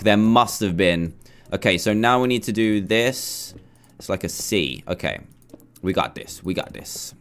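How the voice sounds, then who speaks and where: This gaming YouTuber, a young Englishman, talks himself through a build while commentating his own play, chatty and flustered. His voice is fairly low, clear and resonant.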